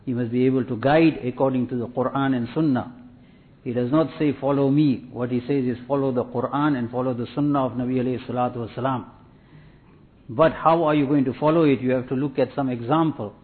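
A man preaches a sermon with a steady, repetitive teaching cadence, his voice at an ordinary middle pitch. The sound is thin and tinny, like it came over a phone line. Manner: measured, repetitive teaching cadence with Arabic and Urdu religious terms. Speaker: Islamic preacher.

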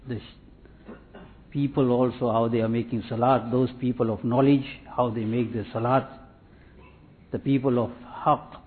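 A man giving a sermon as a preacher, in a measured, repetitive teaching cadence with religious terms. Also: medium pitch. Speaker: Islamic preacher. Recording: tinny phone-like sound.

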